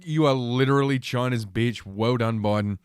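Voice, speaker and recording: A man's voice: medium pitch, steady tone, normal speed, smooth, dry recording. A man in the middle of his vocal range hosts a solo podcast, rambling crudely with plenty of fillers. He has had a few drinks and sounds loose. The recording is dry and close. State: drinking while talking. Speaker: podcast host. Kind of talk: casual solo podcast talk.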